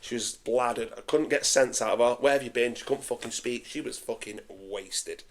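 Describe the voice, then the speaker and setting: A man, hosting a podcast and telling a sweary, animated story in casual chat. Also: mid-range voice, normal speed. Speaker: podcast host.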